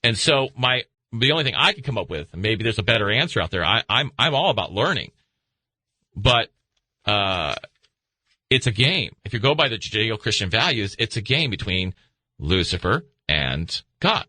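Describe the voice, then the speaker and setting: Animated late-night radio host, bright voice. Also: male voice, normal speed, dry recording. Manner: animated, rambling, acts out voices in high pitch. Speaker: radio talk show host.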